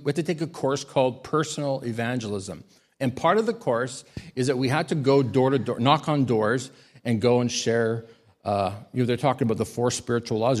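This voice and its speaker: A man, a pastor, giving a sermon: he tells stories in a quiet voice and rises to loud, emphatic high peaks.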